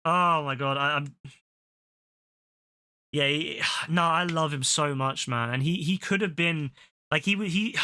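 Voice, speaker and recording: A man's voice: fairly high pitch, unhurried, long pauses, sharp tone, smooth. A young man ranting and swearing during casual live-stream chat, often repeating himself as he goes. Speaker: game streamer.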